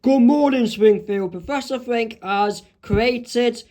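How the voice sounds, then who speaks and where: A man voicing a male TV news anchor in a fan comic reading, slow and formal. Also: very high-pitched, mellow, pitched above the performer's own voice. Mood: announcing.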